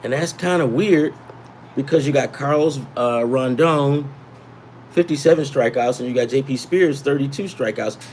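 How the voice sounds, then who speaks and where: A man's voice: mid-range voice, normal speed, darkish tone, a little hiss or hum. A man hosting a sports betting livestream, rambling and repeating himself as he gives emphatic tips and chats with viewers. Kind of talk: casual livestream talk.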